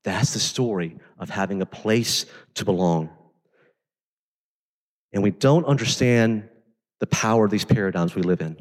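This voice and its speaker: A man preaching a sermon as pastor, talking conversationally and swinging between intense emphasis and quiet storytelling. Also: lowish voice, moderate pace, long pauses, long reverb tail.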